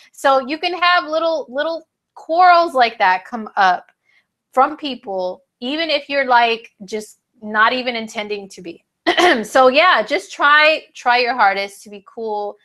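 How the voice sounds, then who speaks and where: A woman's voice: high voice, lively intonation, unhurried, a bit bright. Chatty, slangy woman astrology vlogger. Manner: chatty and slangy, with many fillers. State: a little stuffy, sinusy. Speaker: astrology video host. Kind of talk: casual talk to camera.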